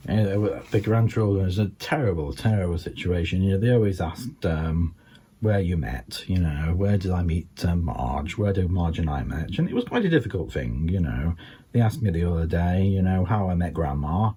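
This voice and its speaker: Older scouse guy doing stand-up, low husky voice, rambles with lots of um and you know. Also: moderate pace. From England. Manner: rambling, filled with ums and you-knows, lively pitch swings. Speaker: stand-up comedian. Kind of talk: stand-up comedy monologue.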